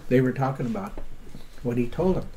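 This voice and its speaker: A man's voice: mid-range voice, animated, brisk, warm tone, rough recording. Brief: older man, plainspoken storyteller, quotes others, faint noise behind. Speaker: grandfather of the co-host. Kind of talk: casual storytelling chat.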